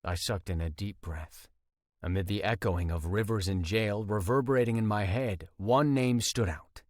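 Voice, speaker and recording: A man's voice: fairly low pitch, moderate pace, dry recording, clean studio sound. A man narrating a romance audiobook in first person, tense and intense.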